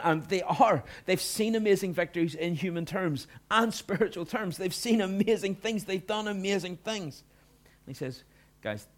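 A middle-aged male pastor giving a sermon, earnest, dropping to hushed lines and rising to loud emphatic bursts. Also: on the high side.

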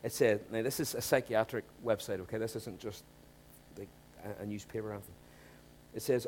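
A man preaching a sermon in a conversational way, asking rhetorical questions and swinging from quiet asides to emphatic points. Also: on the low side, lively intonation, fairly quick, a little hiss or hum.

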